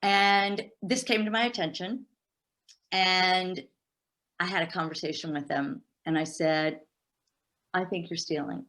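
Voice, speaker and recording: Middle-aged lady guest telling a story, lowish voice, acts out the dialogue. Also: unhurried. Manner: animated storyteller, acting out dialogue. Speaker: entrepreneur guest. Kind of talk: interview storytelling.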